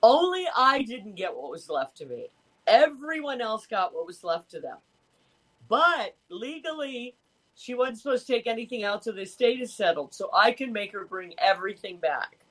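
A woman's voice: a little high, sing-song, moderate pace, rough recording. A woman in her fifties chatting in a rambling way over a video call. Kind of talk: casual chat.

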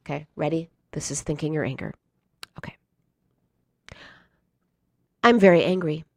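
A woman's voice: low voice, normal speed, no echo, clean studio sound. A grown woman talking straight to her listeners in a casual advice talk, earnest and emphatic, now and then acting out feelings in short bursts. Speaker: self-help speaker.

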